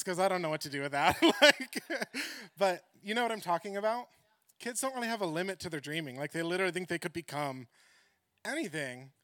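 A man preaching a sermon through a personal story, animated and laughing often, swinging between excited outbursts and hushed reflection. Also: fairly high pitch, no room sound.

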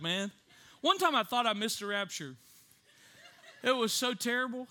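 High, bright-voiced animated preacher man. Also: a little fast. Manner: animated, laughs often, acts out voices. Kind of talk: sermon with comic storytelling.

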